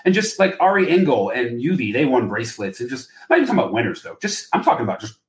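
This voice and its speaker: A man's voice: mid-range voice, very animated, racing, reverberant. A man, a poker player, chatting casually and rambling with plenty of swearing and filler words. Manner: rambling, profane, lots of "like". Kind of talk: casual podcast chat.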